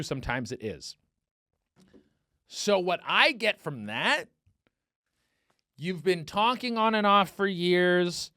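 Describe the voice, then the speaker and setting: A man with a fairly high voice hosts a laid-back comedy podcast. He spins rambling, profane dating anecdotes and briefly mimics the people he quotes. The recording is close and dry, with no room sound. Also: pushed and bright, no echo. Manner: rambling anecdotes, lots of swearing and fillers; acts out quoted people in his stories. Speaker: podcast host. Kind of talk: casual comedic podcast chat.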